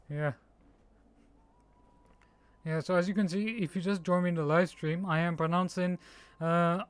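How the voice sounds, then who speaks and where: Slow, halting man streaming a strategy game. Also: fairly high pitch, clean tone, dry recording. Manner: halting, tries out names slowly, laughs at himself. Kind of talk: casual live-stream chat.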